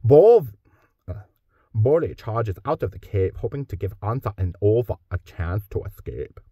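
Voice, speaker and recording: A man's voice: on the low side, sing-song, measured pace, dark tone, breathy edge, dry recording, clean studio sound, heavily acted. A man voicing a male storybook narrator who tells a Viking adventure in a put-on Scandinavian accent, with a theatrical, sing-song read-aloud manner. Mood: dramatic.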